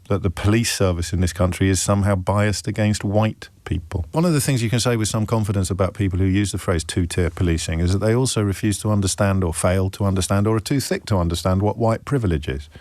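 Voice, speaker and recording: A male commentator with a low voice, speaking with scorn and cutting sarcasm. The recording is dry and close-miked. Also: fairly quick, a little mellow, no room sound. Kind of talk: opinion commentary clip.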